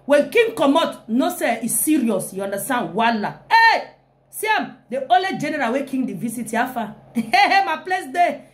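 A young woman, hyping her comic live video in an animated way with frequent exclamations. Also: sits high, normal speed. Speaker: live-stream comedian.

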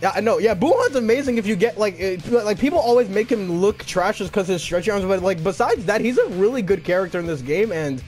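A man's voice: high voice, lively intonation, fast, hardly any pauses, darkish tone. A young man giving live gameplay commentary, cockily trash-talking and taunting his opponent. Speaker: gaming channel host. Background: game music.

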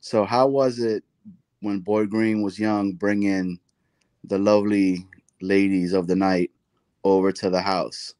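Male co-host, low-ish voice, teasing and loose; dry close sound. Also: flat delivery, a little slow, a little mellow, clear, resonant tone, dry recording. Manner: joking, teasing questions, slangy. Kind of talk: casual chat.

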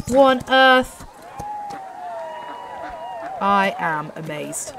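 A young British woman giving excitable commentary while playing a horse racing game, urging her horse on. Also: mid-range voice, moderate pace, pauses often, noisy background. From Britain. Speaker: gaming YouTuber. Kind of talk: live gameplay commentary.

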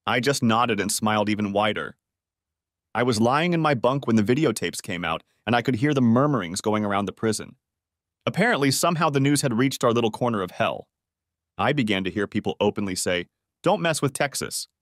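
A man narrating a first-person revenge story with a wry, expressive delivery. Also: fairly low pitch, brisk, dry recording, clean studio sound.

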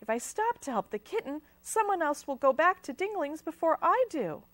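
A fretful storybook witch with a soft spot for stray cats, put on by a woman reading aloud. Her high, excitable voice leaps all over the place. The sound is dry and close. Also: a little fast, no room sound. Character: fretful kindly young witch who loves cats.

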